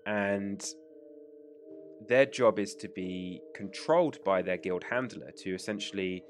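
Low-voiced game master. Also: male voice. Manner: casual, with fillers and quick rulings. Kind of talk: narrating a tabletop game.

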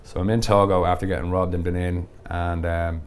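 Deep-voiced man telling stories. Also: a little fast, smooth. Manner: animated, laughs often while telling stories. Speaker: podcast guest. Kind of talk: casual storytelling.

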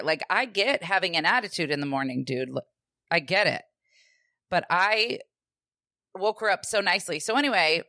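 A woman with a fairly low voice co-hosts a podcast in casual chat. She tells her story in an animated way, jumping into the voices of the people she quotes. The sound is dry and close. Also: dry recording. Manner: animated, acts out quoted dialogue, swears casually. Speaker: podcast co-host.

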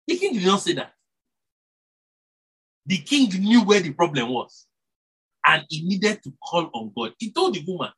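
A man's voice: high voice, unhurried, long pauses, breathy edge, poor audio. A man preaching a sermon, rising and dropping his voice for emphasis and correcting himself as he goes. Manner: animated, rises and drops for emphasis, self-corrects, chuckles.

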